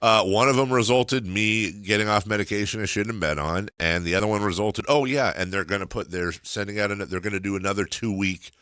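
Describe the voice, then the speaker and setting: A man's voice: on the low side, a little fast, few pauses, smooth, no room sound, studio quality. A man hosting a sports radio show, telling rambling stories in casual on-air banter. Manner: rambling, animated storytelling. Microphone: studio microphone.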